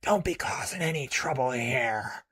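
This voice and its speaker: A man voicing a skeletal male pirate boss with a rasping, drawling, uncouth way of talking. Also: medium pitch, lively intonation, measured pace, fairly bright tone. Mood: threatening. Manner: drawling, thick uncouth accent.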